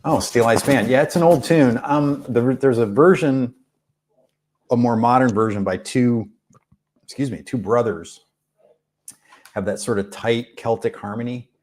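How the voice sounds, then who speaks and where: A man hosting a music channel, chatting casually on a live stream, answering viewer questions in a rambling, relaxed way with many fillers. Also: mid-range voice, unhurried, pauses often. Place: rented room abroad.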